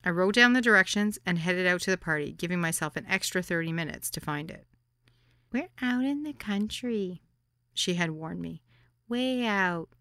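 Brief: female memoir narrator, wry deadpan delivery, bright crisp tone, lower pitch. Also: dry recording, clean studio sound. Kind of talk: audiobook memoir reading.

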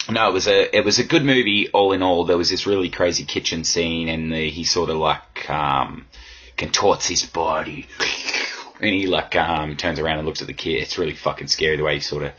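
Hoarse man rambling on a podcast. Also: low-pitched, sharp tone, dull audio. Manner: rambling, crude, self-mocking with frequent laughs. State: hoarse from yelling. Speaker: podcast host. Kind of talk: casual solo podcast monologue.

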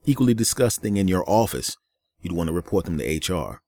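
A man with a very deep voice delivers a solo podcast rant. He sounds worn out and angry, and he swears and circles back on the same points. The recording is close and dry. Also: sing-song, brisk, a little mellow, no room sound. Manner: angry, profane and repetitive. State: weary. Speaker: podcast host.

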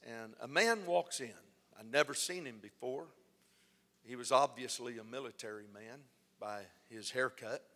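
A man preaching a sermon, telling a story with lively delivery and acting out the lines of the people in it. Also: medium pitch, moderate pace. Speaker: pastor. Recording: long hall reverb.

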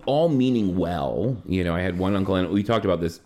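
Guy with a lowish voice rambling through a story, lots of "you know", voice bouncing around. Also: brisk. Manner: rambling, many fillers, animated pitch swings. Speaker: podcast co-host. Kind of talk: casual conversational storytelling.

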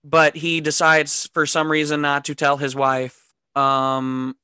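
Giggly, profane podcast co-host, bright voice. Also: mid-range voice, monotone, slow pace, smooth, no room sound, studio quality. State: says they are high. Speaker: podcast co-host recapping the film. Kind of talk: casual podcast chat. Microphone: podcast microphone.

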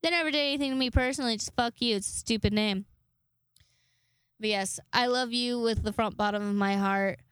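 A woman's voice: a little high, brisk, a bit bright, smooth, no room sound. Rambling, profane young woman podcaster. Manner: rambling, profane, self-deprecating. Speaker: podcast host. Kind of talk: casual solo podcast chat.

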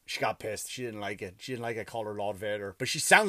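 A man's voice: fairly low pitch, big pitch swings, quick pace, few pauses, bright, forceful tone, no echo, studio quality. A tired man, a comedian, telling a story in a casual, profane, ranting monologue.

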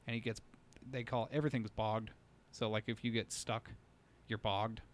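A man's voice: on the low side, flat delivery, normal speed, a little hiss or hum. A man co-hosting a podcast in a studio, telling a long story in casual chat full of fillers. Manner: rambling storyteller, many fillers. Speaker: podcast co-host.

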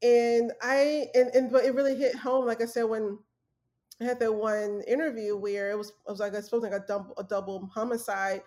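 A woman's voice: a little high, level tone, moderate pace, darkish tone. An earnest young adult woman telling her story in a casual interview, with fillers and restarts. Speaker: guest, former journalist.

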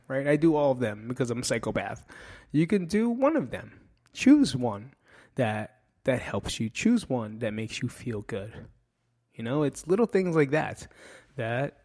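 A man's voice: medium pitch, darkish tone. Blunt, swearing podcast host, man. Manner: blunt, profane and self-mocking; loose and rambling with restarts. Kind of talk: casual podcast monologue.

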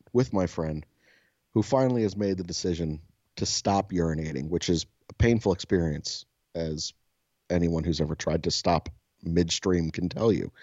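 A man's voice: low-pitched, no echo, muffled recording. A man co-hosting a podcast, telling a story in casual, profane chat and acting out the quotes. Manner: profane, animated storyteller who acts out quotes. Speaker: podcast co-host.

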